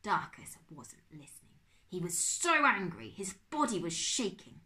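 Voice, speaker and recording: A woman teacher reading a children's novel aloud to her class in an expressive, animated way. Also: lowish voice, moderate pace.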